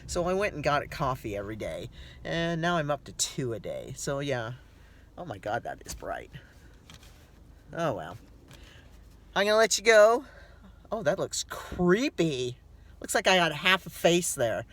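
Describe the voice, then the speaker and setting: A middle-aged man with a somewhat high voice talks to the camera from his car. He sounds worn out, drifts from story to story, swears often and laughs easily. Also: sing-song, a little slow, pauses often, a bit bright. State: tired. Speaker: vlogger. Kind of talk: casual chatty storytelling.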